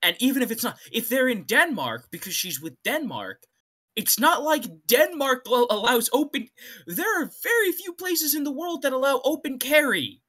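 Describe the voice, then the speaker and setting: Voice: high voice, big pitch swings, moderate pace, a bit bright. A co-host of a casual comedy show, ranting with exasperated disbelief about the story being read.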